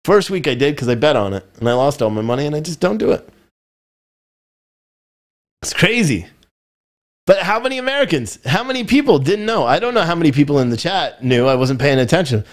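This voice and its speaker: A man hosting a live political commentary show, talking in a frustrated, rambling way and often repeating himself. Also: a little high. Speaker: podcast host.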